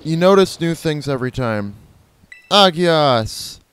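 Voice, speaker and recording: A man's voice: medium pitch, a little slow, clean tone. A man casually commenting on his own gameplay, rambling playfully and correcting himself as he goes. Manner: rambling, playful, self-correcting, imitates creature cries. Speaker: gameplay video host. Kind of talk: casual let's-play commentary.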